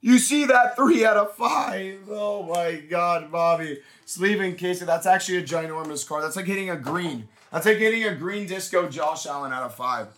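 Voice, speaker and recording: A man hosting a live card-break stream, hyping pulls with rapid, repeated shouted exclamations. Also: high voice.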